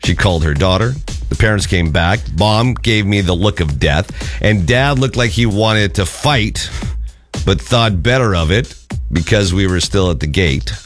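A man's voice: sits low, animated, moderate pace, soft background music. A man co-hosting a radio morning show, chatting casually and reading a listener's email aloud with plenty of emphasis.

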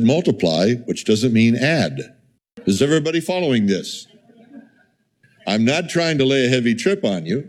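A man's voice: fairly low pitch, darkish tone. A middle-aged male pastor preaching a sermon in a conversational way, with rhetorical questions and asides to the congregation.

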